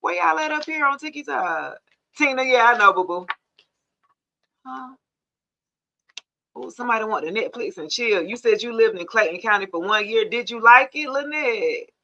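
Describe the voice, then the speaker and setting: A woman's voice: a little high, expressive, moderate pace, creaky, long pauses, bright, forceful tone, muffled recording, slight background noise. Chatty woman on a livestream. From Georgia, USA. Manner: chatty, laughs often, greets viewers by name. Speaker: tarot reader hosting a livestream. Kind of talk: casual livestream chat with viewers.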